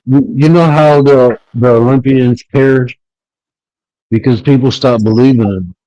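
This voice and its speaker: A man with a mellow, dark voice who speaks bluntly and uses informal grammar in a casual podcast panel. The sound is dry and slightly dull, like a lower-quality remote line. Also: steady tone, moderate pace, dry recording.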